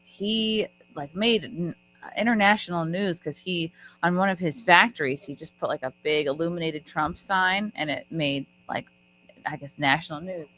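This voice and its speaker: A woman's voice: lowish voice, normal speed, pushed and bright, a little hiss or hum. A woman in her thirties hosting a live podcast, chatting casually and rambling, often trailing off mid-sentence. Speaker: podcast host. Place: live event at a resort.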